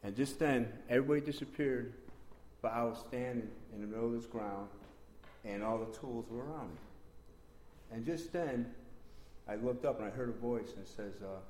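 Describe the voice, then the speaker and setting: A man giving a rambling, repetitive spoken testimony in a church meeting room, breaking into sudden excited bursts. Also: mid-range voice, moderate pace, slight background noise. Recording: roomy echo.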